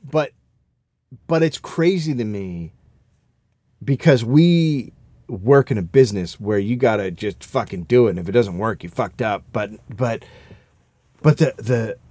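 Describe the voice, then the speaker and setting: A man's voice: mid-range voice, measured pace, pauses often, no echo. A man telling a work story in casual chat, swearing freely and acting out the people in it. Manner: profane, animated anecdote-telling.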